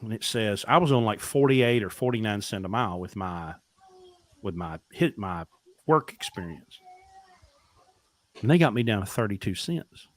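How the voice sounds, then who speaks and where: A man's voice: on the low side, animated, normal speed, pauses often. A middle-aged man, a podcast guest telling blunt, profane stories and acting out dialogue. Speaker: podcast guest, truck driver. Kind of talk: casual storytelling interview.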